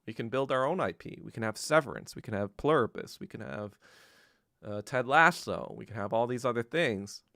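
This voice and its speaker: Male podcast host, mid-range voice, casual profane rant with sudden loud bursts, dry close recording. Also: expressive, moderate pace, gravelly, no room sound. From Korea. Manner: profane, swings from low mutter to loud bursts. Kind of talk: casual ranting monologue.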